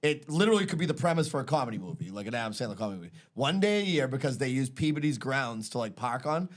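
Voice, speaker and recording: Fast-talking man telling a rambling story. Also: medium pitch, big pitch swings. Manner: rambling storyteller, profane, laughs at his own stories. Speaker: podcast host. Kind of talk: casual podcast chat.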